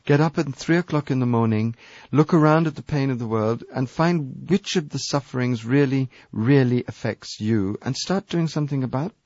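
A man's voice: medium pitch, moderate pace, hardly any pauses, a little mellow, no echo. Man, radio guest, earnest and emphatic, dry muffled studio sound. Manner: earnest, emphatic, repeats phrases for stress. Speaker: guest speaker on spirituality. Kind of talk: impassioned spiritual talk.

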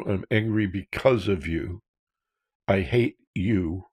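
A man's voice: low voice, slow, a little mellow, slightly rough. A man, a counselor, talking earnestly about fear and childhood feelings, posing rhetorical questions. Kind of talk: talk on emotional self-awareness.

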